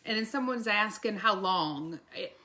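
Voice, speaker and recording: A woman from Louisiana with a Louisiana accent, a guest friend chatting casually and relaxed on a livestream. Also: medium pitch, unhurried. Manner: relaxed, agreeable side comments. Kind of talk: casual chat.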